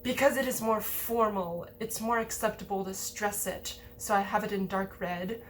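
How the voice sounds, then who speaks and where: A woman's voice: mid-range voice, fairly even intonation, normal speed, slight background noise. A woman giving a casual lesson over slides, explaining in a chatty way with many fillers. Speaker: language teacher.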